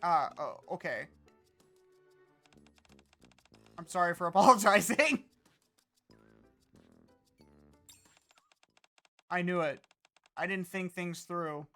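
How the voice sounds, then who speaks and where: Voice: mid-range voice, measured pace, fairly bright tone, faint music behind, close to an everyday voice. A streamer voicing a timid, anxious young woman from a game who stammers and begs for forgiveness. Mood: relieved. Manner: stammering, apologetic, clingy. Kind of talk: reading game dialogue aloud.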